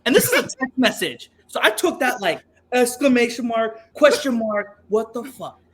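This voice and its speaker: A man's voice: moderate pace, a little hiss or hum. A middle-aged man co-hosting a podcast, telling a dating story in casual chat and acting out the quotes. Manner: animated, acts out quotes with swooping pitch. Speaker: podcast co-host.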